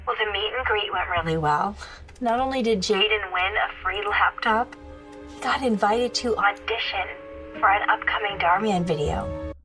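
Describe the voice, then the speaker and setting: A woman's voice: mid-range voice, normal speed, bright, forceful tone, soft background music, natural voice. An actress playing a cheerful mother of a young boy, delivering chirpy, matter-of-fact web-series dialogue.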